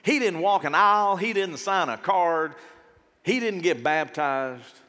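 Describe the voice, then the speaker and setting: A man preaching from the stage with a high, bright voice that leaps up and down in pitch. He talks to the crowd like a friend, throws out quick rhetorical questions, and acts out short scenes. His voice rings with the long echo of a big hall. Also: animated. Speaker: pastor. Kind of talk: sermon. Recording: reverberant hall sound.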